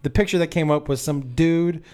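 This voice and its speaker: A man hosting a casual talk show, telling a story with lively voiced quotes and laughter. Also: a little high, moderate pace. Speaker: host. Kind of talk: casual banter with role-play and storytelling.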